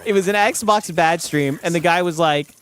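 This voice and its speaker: A man's voice: a little high, normal speed, fairly bright tone. A man chatting casually on a stream, telling stories with frequent laughter and swearing.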